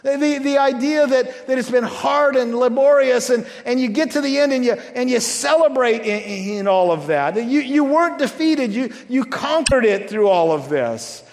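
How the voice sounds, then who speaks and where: High-voiced pastor preaching in echoing hall. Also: male voice, animated. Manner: conversational, halting restarts, joking asides. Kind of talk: sermon. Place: church.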